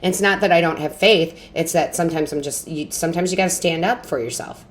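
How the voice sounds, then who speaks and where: A woman's voice: lowish voice, quick pace, a little hiss or hum. A woman giving a tarot reading to her viewers in a chatty, reassuring way, often checking in with "okay?" and "right?". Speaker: tarot reader. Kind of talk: casual tarot reading to camera.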